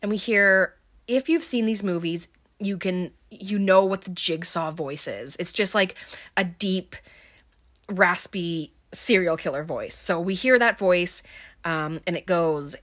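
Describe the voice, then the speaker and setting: Chatty woman, lowish voice, casual movie recap host, lots of filler words, dry asides. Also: measured pace, fairly bright tone. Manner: wry, offhand asides. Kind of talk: casual film plot recap.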